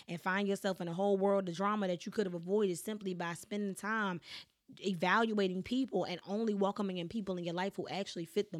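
A woman's voice: on the low side, dry recording, clean studio sound. A woman giving a motivational talk on friendship. She is emphatic and casual, repeats phrases for effect and often checks in with "right?". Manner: casual speech with African American English features. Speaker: speaker giving life advice.

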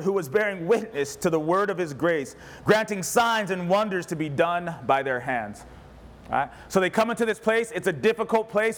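A man's voice: high voice, a bit bright. A man preaching a fervent, emphatic sermon as pastor in a church, using repeated rallying phrases. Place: church sanctuary with a responding congregation.

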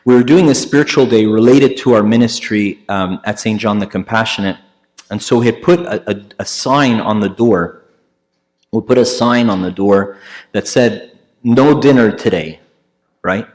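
A priest tells a story during his sermon at a moderate pace. He sounds conversational, using lots of fillers and restarts, and he voices the people he quotes louder and higher.

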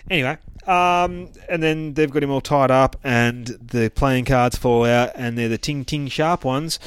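A man's voice: medium pitch, a little slow, clear, resonant tone, no echo. A man hosting a podcast, casually recapping a comic book in a rambling, profane way. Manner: profane, rambling, acts out characters' lines. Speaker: podcast host.

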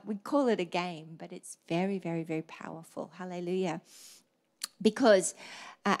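A middle-aged woman pastor preaching a sermon, telling stories in a lively, varied way. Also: on the high side.

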